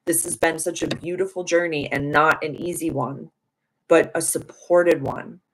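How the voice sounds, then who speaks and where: A woman's voice: deep voice, fairly even intonation, normal speed, low-quality recording. A young adult woman giving a casual live tarot reading, chatty and affirming with spiritual wording. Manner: chatty with many "like" fillers. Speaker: tarot reader and live-stream host.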